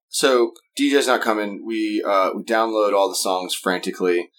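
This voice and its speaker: A man with a Southern American accent, a wedding band singer telling a story as a podcast guest, lively and quick to act out other people's lines. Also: on the low side. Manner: animated, acts out quotes in raised voices. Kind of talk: casual storytelling.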